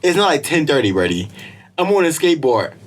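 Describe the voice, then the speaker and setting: This young man from Israel spins animated, slangy stories in casual podcast chat and laughs often. His pitch sits mid-range but swings widely, and a faint hiss lies under the voice. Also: fairly quick. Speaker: podcast co-host.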